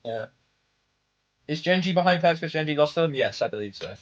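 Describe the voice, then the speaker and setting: A man co-hosting a live esports stream, chatting casually and trading quick questions about standings. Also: a little high, animated, highs cut off. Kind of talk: casual live commentary chat.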